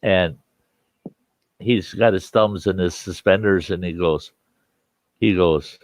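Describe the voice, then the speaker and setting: A man's voice: low voice, steady tone, slow pace, pauses often, no echo. A man hosting a campfire show, telling a funny story and laughing often. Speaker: host.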